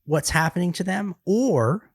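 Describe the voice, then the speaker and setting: A young man co-hosting a gaming podcast, easygoing and quick to laugh, thinking out loud as he talks. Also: high-pitched, expressive, dry recording, clean studio sound. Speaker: podcast co-host. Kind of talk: casual gaming podcast chat.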